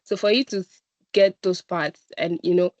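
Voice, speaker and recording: A woman's voice: fairly low pitch, steady tone, moderate pace, a little mellow, no room sound, highs cut off. A woman with a Nigerian accent giving an encouraging presentation talk as a guest speaker, often checking in with "right?". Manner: encouraging, repeats "right?" and "I'm telling you". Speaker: guest speaker at a data analytics boot camp.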